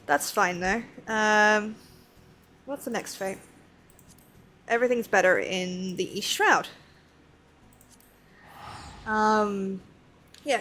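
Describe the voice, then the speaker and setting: Chatty, rambling woman streamer. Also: fairly high pitch. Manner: rambling, chatty, self-deprecating with many fillers. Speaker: game streamer. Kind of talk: casual chat while playing.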